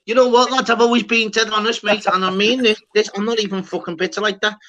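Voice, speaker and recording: A man's voice: high-pitched, flat delivery, fast talker, pushed and bright. A man with a Liverpool accent hosting a casual online panel, swearing freely and calling everyone lad. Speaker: stream panel host. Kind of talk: casual banter. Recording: dull lo-fi sound with faint noise.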